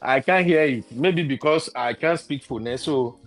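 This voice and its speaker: A man, a co-host in a casual talk show, giving strong opinions in a lively way and laughing often. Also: medium pitch, measured pace, faint music behind. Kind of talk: casual chat.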